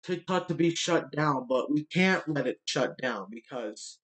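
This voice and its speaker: A man ranting bluntly into the camera, swearing often and filling pauses with fillers, his nose stuffy from a cold. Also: a little high, expressive, a bit bright. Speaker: vlogger. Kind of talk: ranting monologue.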